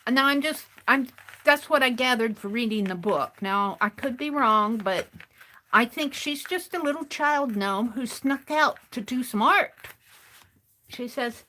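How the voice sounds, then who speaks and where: A woman hosts an art stream, telling a long story as she tears page edges. Her voice sits a little high, and she talks in a rambling, chatty way with frequent restarts. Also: measured pace, bright, forceful tone. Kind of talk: casual storytelling while crafting.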